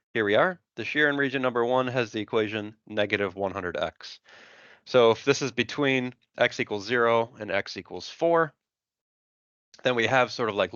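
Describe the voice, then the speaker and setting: A man's voice: fairly low pitch, a bit bright, no echo, highs cut off. A man teaching engineering in a lecture, working step by step through an example and thinking aloud as he sketches. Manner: methodical, thinks aloud while sketching, frequent "right?" and "so". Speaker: engineering instructor.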